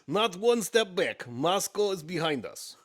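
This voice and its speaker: A man's voice: high voice, big pitch swings, a little slow, voice pushed up. A man putting on a fake Russian accent to play a stern Russian soldier, speaking clipped broken English with dropped articles. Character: gruff Russian soldier bracing for danger. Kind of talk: comic impression.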